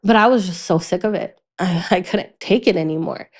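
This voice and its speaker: A young adult woman as a podcast guest, telling a painful personal story candidly, halting and restarting often and going quiet in the hardest moments. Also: on the low side.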